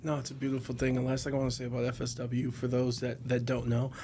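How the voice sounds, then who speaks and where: A man's voice: medium pitch, monotone, fast talker, background noise. A man hosting an interview, asking questions in a loose, self-aware way. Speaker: interview host. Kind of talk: casual interview.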